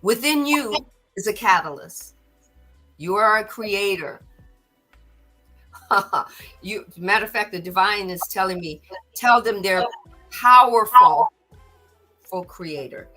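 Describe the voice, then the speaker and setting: A woman's voice: medium pitch, lively intonation, measured pace, pauses often, pushed and bright, soft background music. A middle-aged woman hosting a podcast, giving an earnest spiritual talk and often repeating words as she gathers her thoughts. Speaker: podcast host.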